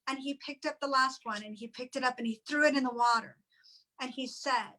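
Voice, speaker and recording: A woman sharing an emotional personal testimonial in halting, tearful speech with many restarts. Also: sits high, fairly even intonation, sharp tone, low-quality recording. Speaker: guest sharing weight-loss story.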